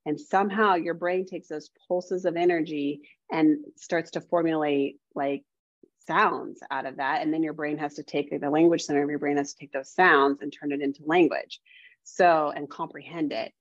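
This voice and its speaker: Woman, very low voice, dry dull lo-fi sound, rambling, says "like" a lot. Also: steady tone, moderate pace, no room sound. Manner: rambling, heavy use of "like". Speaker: guest, developing medium. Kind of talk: casual podcast chat.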